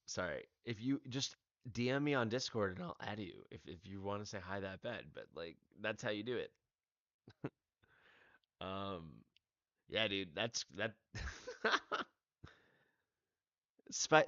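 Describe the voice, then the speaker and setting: A low-voiced man hosts a relaxed gaming livestream, laughing easily and joking with his chat. His headset audio sounds dry and somewhat dull, like lo-fi stream sound. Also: slow pace, pauses often, no echo. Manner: laid-back, laughs often, talks to chat. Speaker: livestream host.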